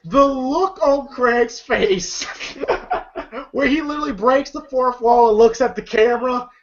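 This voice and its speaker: A film reviewer giving a casual, animated recap of a movie scene, chuckling and using lots of filler phrases. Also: high-pitched, slow pace. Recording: dull lo-fi audio.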